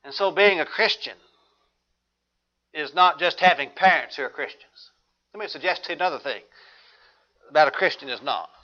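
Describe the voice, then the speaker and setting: Brief: male preacher, measured and earnest, bright tone, lo-fi sound. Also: fairly high pitch. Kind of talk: sermon. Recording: dull lo-fi recording.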